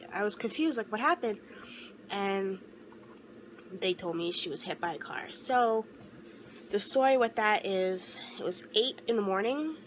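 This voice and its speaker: A young woman speaks in a personal confessional vlog with a voice of ordinary pitch. She talks in an earnest, halting way and keeps restarting her sentences. She sounds close to tears, and a faint hiss of noise sits behind her. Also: low-quality recording. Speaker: vlogger.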